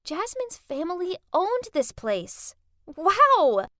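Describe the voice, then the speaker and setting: A woman telling a first-person story in an expressive, dramatic way for an animated story video, recorded close to a studio mic. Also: high voice, measured pace, no echo. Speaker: story narrator. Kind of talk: scripted first-person narration.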